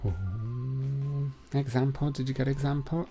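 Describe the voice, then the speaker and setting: A man's voice: on the low side, faint music behind. Chatty young man hosting a quiz. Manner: chatty and playful, with asides between questions; reads each question twice, slow and emphatic. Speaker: quiz host. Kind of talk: live online quiz hosting.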